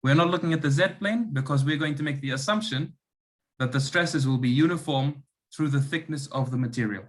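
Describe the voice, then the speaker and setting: A man's voice: on the high side, a little fast. Man leading an online engineering lab. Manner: checks understanding with frequent "okay" and "right". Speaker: lab demonstrator.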